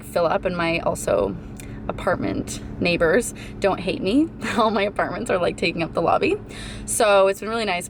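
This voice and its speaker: A woman's voice: medium pitch, background noise. A young woman vlogger chatting casually to her viewers, gushing and filling her talk with "like". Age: young adult. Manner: gushing, chatty, says "like" constantly. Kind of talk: casual chat to camera. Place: home, then in a car.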